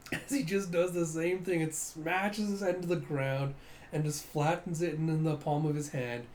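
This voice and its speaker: A man reads through a comic for his audience, narrating the panels in a loose, excitable way. His voice sits a little on the high side, and he leans on filler like "you see" and "he's like." A faint hiss of noise sits under the recording. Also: a little slow. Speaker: comic reader. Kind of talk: casual comic readthrough.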